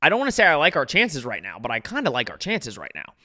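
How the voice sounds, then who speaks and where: Excitable bright-voiced man reacting live. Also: a little high, quick pace. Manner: anxious, excitable, talks to chat readers. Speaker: podcast host. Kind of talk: live sports watch-along commentary.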